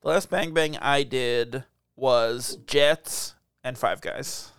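A young man co-hosting a podcast in casual chat, playful and contrary, quick to laugh. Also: mid-range voice, fairly bright tone, clean tone, dry recording, clean studio sound. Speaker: podcast co-host.

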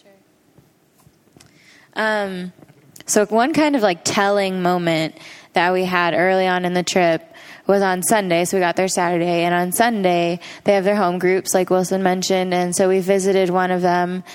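A woman recounting a mission trip to a church gathering in a relaxed, even way. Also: lowish voice, normal speed, clear, resonant tone. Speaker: mission trip team member. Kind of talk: casual testimony to a church gathering.

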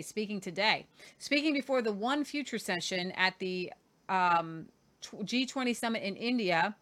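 A woman's voice: on the high side, a bit bright. A woman hosting an opinionated news commentary show, sarcastic and emphatic. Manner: sarcastic, emphatic, talks in quick bursts. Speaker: host.

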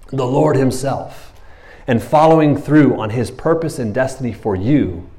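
A man preaching a sermon as pastor, animated and conversational, acting out Bible characters in quick voices. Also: medium pitch.

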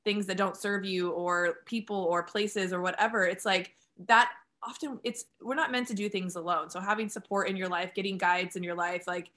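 A woman with a bright, clear voice hosts a podcast, chatty and affirming as she steers a casual conversation. She speaks in an easy, relaxed flow. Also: mid-range voice, normal speed. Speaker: podcast host.

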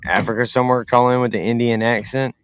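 A man who hosts a radio show telling a story in a relaxed, slangy way, laughing as he talks. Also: medium pitch, fast, noisy background. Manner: laid-back, says "dude" constantly, laughs while talking. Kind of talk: casual storytelling chat.

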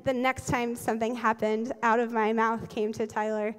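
A woman in her forties, a pastor, preaching a sermon with lively, humorous storytelling and quick laughs. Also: fairly high pitch. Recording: long reverb of a large hall.

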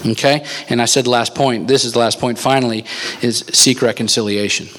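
A man preaching a sermon, telling a story with lively energy and laughing at his own jokes before reading scripture. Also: medium pitch, brisk. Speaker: pastor.

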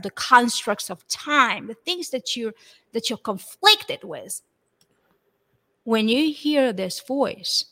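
A woman, a guest telling her spiritual story in an expressive way and acting out the voices she quotes. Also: fairly high pitch. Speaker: interview guest. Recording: long hall reverb.

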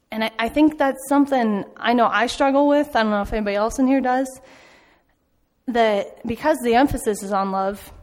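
Woman, informal church talk, conversational storyteller, higher voice, reverberant sanctuary. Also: brisk. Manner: chatty storytelling with frequent ums and laughs. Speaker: church speaker back from a mission trip. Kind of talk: informal sermon. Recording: long hall reverb.

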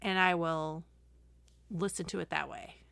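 A woman co-hosting a podcast, chatting casually and enthusiastically with quick asides. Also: on the low side, fairly even intonation, creaky, a bit bright, clean tone, no room sound. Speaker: podcast co-host. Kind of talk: casual chat.

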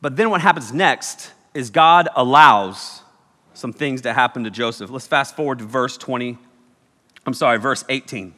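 A man preaching a sermon as a youth pastor, telling the story in an animated, joking way. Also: medium pitch, moderate pace. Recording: echoey hall.

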